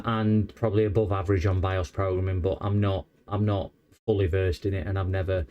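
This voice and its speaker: Man mellow, low streamer. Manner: rambling, hesitant, many fillers and restarts. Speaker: electronics repair streamer. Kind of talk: casual livestream chat.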